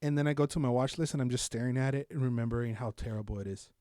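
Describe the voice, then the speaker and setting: A young man co-hosting a podcast, chatting casually about shows with lots of swearing and animated storytelling. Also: mid-range voice, racing, no room sound, clean studio sound. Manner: animated, profane, loud bursts of laughter-filled storytelling. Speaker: podcast co-host. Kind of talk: casual chat, reviewing shows.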